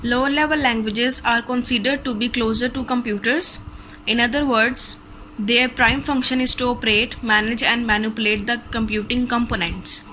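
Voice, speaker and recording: A woman's voice: a little high, steady tone, moderate pace, sharp tone, a little hiss or hum, rough recording. A woman teacher with a Pakistani accent, reading a recorded class lecture steadily from textbook notes.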